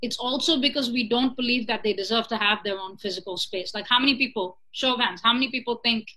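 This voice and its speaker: A woman's voice: on the high side, fast talker, low-quality recording. A woman in her twenties, talking casually and telling a story with many "right?" and "you know?" asides. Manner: animated, asks "right?" and "you know?" often.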